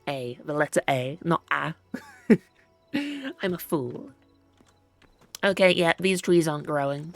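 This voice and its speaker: A woman's voice: lowish voice, expressive, takes it slowly, long pauses, dry recording, faint music behind. A woman with a British accent giving chatty, self-mocking commentary while playing a game, often talking to things in it. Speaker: gaming channel host. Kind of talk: let's play commentary.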